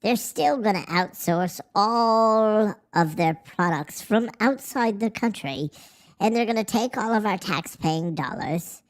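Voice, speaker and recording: A married adult man hosts a livestream, ranting through a voice changer in casual chat that's profane, sarcastic and rambling. His voice is high and expressive, and his pace a little slow.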